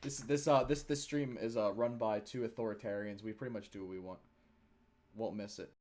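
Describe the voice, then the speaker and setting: A man's voice: on the low side, steady tone, brisk, a little mellow. A young man from Chicago co-hosting a live stream, teasing the chat in a casual, joking way. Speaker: stream co-host.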